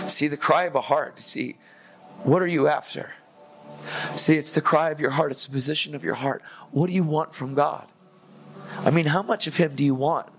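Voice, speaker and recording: A man preaching an energetic sermon, telling his testimony in a casual way, full of "dude" and "like" and acted-out dialogue. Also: on the high side.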